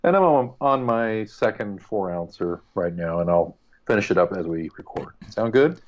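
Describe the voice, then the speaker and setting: A man's voice: lowish voice, expressive, normal speed, dull audio. A man co-hosting a casual podcast, chatty and joking with playful asides. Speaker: podcast co-host. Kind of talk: casual chat.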